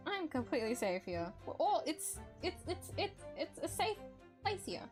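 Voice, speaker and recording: A woman's voice: high voice, big pitch swings, moderate pace. Giggly woman streaming a game. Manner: giggly, teasing and playful. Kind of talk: casual game commentary. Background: faint background music.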